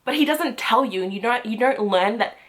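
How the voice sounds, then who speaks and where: A young woman vlogging her monthly reading wrap-up in a casual, gushing way, often jumping into loud, excited squeals. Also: fairly high pitch, brisk. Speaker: book vlogger.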